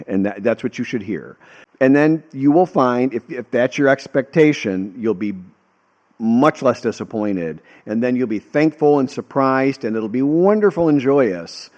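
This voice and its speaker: A man's voice: medium pitch, expressive, unhurried, a little mellow, highs cut off. An American man hosting a casual storytelling monologue, talking in an earnest, heartfelt and rambling way. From United States. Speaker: host.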